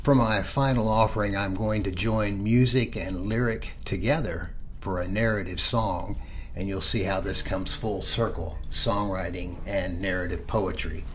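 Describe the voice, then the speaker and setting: A man giving an online poetry reading, reciting in a measured way that sometimes drops to a whisper. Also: sits low, fairly even intonation, a bit bright, a little hiss or hum. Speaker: poet. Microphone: online video reading.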